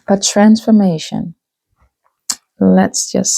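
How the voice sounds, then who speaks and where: A woman talks through a tarot reading at an unhurried, drawn-out pace. Her voice sits a little low, and she muses aloud, humming softly and restarting her words as she goes. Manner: musing, thinks aloud with soft hums and restarts. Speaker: tarot reader. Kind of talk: casual spoken tarot reading.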